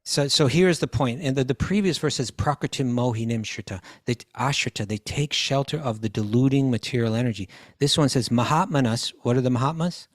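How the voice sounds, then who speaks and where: A man's voice: mid-range voice, brisk, hardly any pauses, dry recording, clean studio sound. A man teaching scripture in a question-and-answer talk, quoting Sanskrit verses, translating them and often restarting his phrases.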